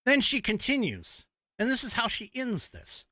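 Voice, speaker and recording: Angry ranting man, forceful and lively. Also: very high voice, moderate pace, no echo, clean studio sound. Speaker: podcast host. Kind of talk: opinion podcast monologue.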